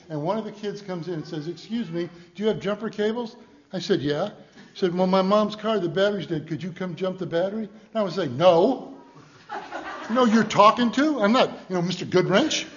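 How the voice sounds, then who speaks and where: A high-pitched male pastor preaching in a folksy, storytelling way. He swings from loud, emphatic lines to hushed, joking asides. The recording sounds slightly muffled and lo-fi. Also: fast. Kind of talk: sermon.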